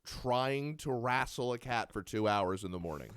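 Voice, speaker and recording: A man's voice: mid-range voice, lively intonation, moderate pace, fairly bright tone, clear, resonant tone, no room sound, clean studio sound. A young man co-hosting a podcast who tells stories with animation and acts out the lines he quotes. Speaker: podcast co-host. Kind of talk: casual comedic chat.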